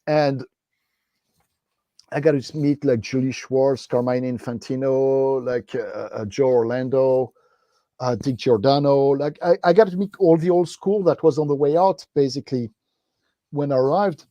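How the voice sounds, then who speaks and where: A man's voice: mid-range voice, moderate pace, warm tone, no echo. Man telling stories, dull lo-fi line. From France. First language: French. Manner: rambling, many fillers and restarts, laughs while telling stories. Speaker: guest comics artist. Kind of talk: casual anecdotal interview.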